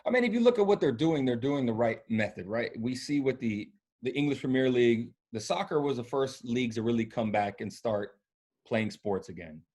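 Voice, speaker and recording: Young male podcast guest, mid-pitched and easygoing, rambling through stories full of slang and filler words. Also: expressive, brisk, a little mellow. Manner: loose, slangy storytelling with many fillers. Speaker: podcast guest, former college football punter. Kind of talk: casual chat.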